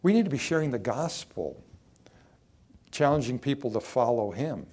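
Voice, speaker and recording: Emphatic older preacher. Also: male voice, medium pitch, animated, moderate pace, a little mellow, slightly rough. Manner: emphatic, rising in volume to stress points; plain conversational preaching with direct questions to listeners. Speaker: pastor. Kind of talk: sermon.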